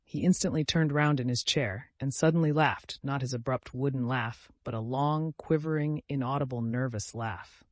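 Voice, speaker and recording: A man narrating an audiobook in an expressive, animated reading. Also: mid-range voice, normal speed, few pauses, no echo.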